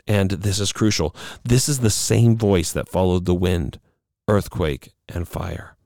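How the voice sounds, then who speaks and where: A man teaching a Bible study lesson, measured and emphatic, slowing down on key words. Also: sits low, steady tone, darkish tone, dry recording, studio quality.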